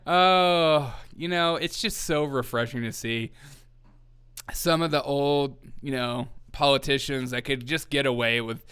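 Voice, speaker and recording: A man's voice: mid-range voice, measured pace, fairly bright tone, smooth. A man hosting a comedy news show, sarcastic and laughing often as he riffs. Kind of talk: casual comedic commentary.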